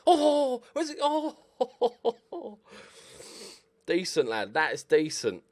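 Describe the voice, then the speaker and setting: Lively man, excited game commentary. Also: very high voice, extremely slow, gravelly, no room sound. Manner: excitable, swears and shouts at players. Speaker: gaming YouTuber. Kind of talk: Let's Play commentary.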